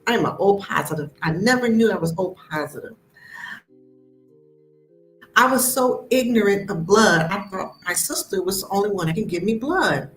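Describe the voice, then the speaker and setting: American woman hosting her own live stream, animated storyteller, echoey room, faint music underneath. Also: medium pitch, moderate pace. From United States. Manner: animated, acts out quoted voices. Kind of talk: personal storytelling.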